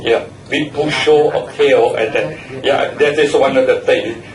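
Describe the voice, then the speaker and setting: At a speaking club meeting, a man gives an evaluation speech, repeating words and spelling some out letter by letter. His mid-range voice has fairly even intonation and runs a little slow. The room is echoey and the mic sits far off.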